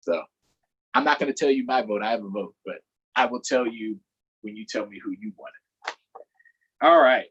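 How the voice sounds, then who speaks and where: Animated man reading a storybook to kids. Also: medium pitch, normal speed, long pauses, dull audio, slight background noise. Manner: animated, playful, addresses young listeners directly. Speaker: local politician reading to children. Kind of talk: storytime read-aloud with chat to kids.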